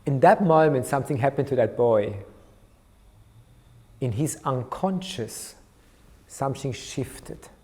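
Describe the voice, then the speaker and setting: A man lecturing on art therapy, recounting a clinical case and acting out the dialogue between therapist and child, growing soft for the tender moments. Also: medium pitch, animated, takes it slowly, long pauses. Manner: storytelling, softens his voice for tender moments.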